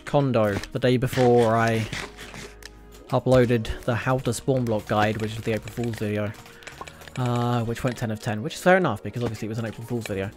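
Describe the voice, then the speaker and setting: A man's voice: mid-range voice, brisk, soft background music. British man rambling through live gameplay. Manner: rambling, sarcastic, with sudden excited outbursts. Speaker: gaming streamer. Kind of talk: casual live gameplay commentary.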